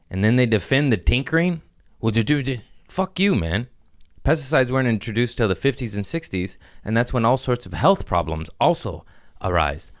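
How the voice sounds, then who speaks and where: A man hosting a casual comedy podcast, rambling and swearing as he riffs from topic to topic. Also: medium pitch. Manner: rambling, profane, animated riffing. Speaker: podcast host.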